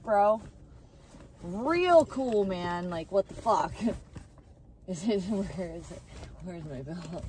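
A woman's voice: lowish voice, animated, takes it slowly, long pauses. A young woman live-streaming by her car, exhausted, rambling and swearing heavily as she talks to her viewers. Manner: heavy swearing, rambling and restarting. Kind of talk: casual live-stream chat. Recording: distant phone mic, loud background noise.

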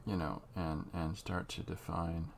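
A man talking through a drawing tutorial as he works, unhurried and halting, thinking aloud. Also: sits low, level tone, gravelly, a little hiss or hum. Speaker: comic artist drawing on camera.

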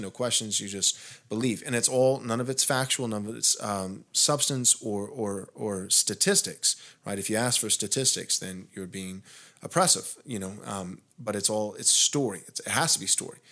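A man's voice: fairly low pitch, fairly bright tone. A man hosting a podcast discussion, telling a long rambling story full of restarts and fillers, growing emphatic as he goes. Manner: grows heated and emphatic. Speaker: pastor and podcast host.

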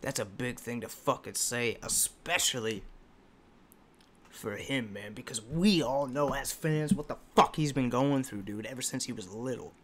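A man's voice: mid-range voice, moderate pace, a bit bright, a little hiss or hum. A man hosting a music reaction video, talking in a casual, profane, rambling and heartfelt way, emotional as he speaks.

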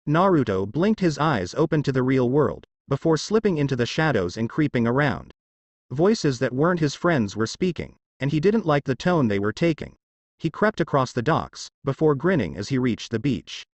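Expressive male fanfiction narrator. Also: on the high side, moderate pace, no echo.

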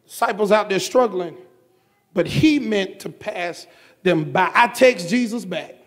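A man preaching a sermon in a church, with a rhythmic, repetitive cadence and shouted bursts. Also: high voice, animated, unhurried. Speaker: pastor.

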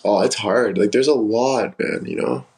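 Young guy on a livestream, lowish voice, rambling honest stories, reads chat comments out. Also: sing-song, unhurried, gravelly, a little mellow, low-quality recording. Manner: candid, rambling storytelling; reads out and answers viewer comments. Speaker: livestream host.

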